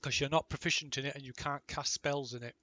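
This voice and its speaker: A man's voice: mid-range voice, fairly even intonation, fast, pushed and bright, lo-fi sound. A man running a tabletop role-playing game as game master, patiently explaining rules with plenty of fillers and restarts.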